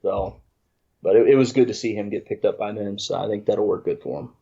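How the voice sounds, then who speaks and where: Low-voiced man, rambling story. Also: fairly quick, creaky, warm tone, husky. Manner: rambling, self-deprecating, many restarts. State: congested. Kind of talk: casual storytelling. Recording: dull lo-fi audio.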